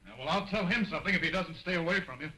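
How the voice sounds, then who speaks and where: An actor playing a jealous man who demands answers quickly, in early talkie style. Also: high voice, crowd noise, close to an everyday voice, low-quality recording. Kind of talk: 1920s early talkie acting. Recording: old film soundtrack.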